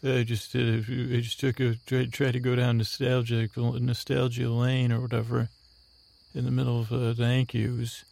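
A man hosting a sleep podcast in a soft whisper, rambling and interrupting himself while out on a night walk. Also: medium pitch, completely flat delivery, normal speed, gravelly. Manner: whispering, meandering and self-interrupting. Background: crickets chirping.

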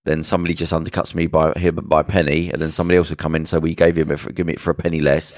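A man's voice: a bass voice, flat delivery, very fast, dry recording, studio quality. A man co-hosting a podcast, retelling a show in a rambling way with many fillers and restarts. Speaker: podcast co-host. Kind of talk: casual chat.

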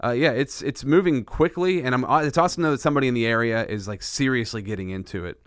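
A man hosting a casual podcast conversation, talking in an animated way with frequent restarts and the odd laugh. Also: medium pitch, fast talker, smooth, no room sound, clean studio sound. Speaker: podcast host.

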